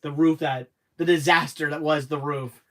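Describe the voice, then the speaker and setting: A middle-aged man hosts a relaxed livestream chat, his voice sitting a little higher than most. He rambles through stories with restarts and breaks into laughter often. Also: moderate pace. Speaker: livestream host. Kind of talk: casual chat.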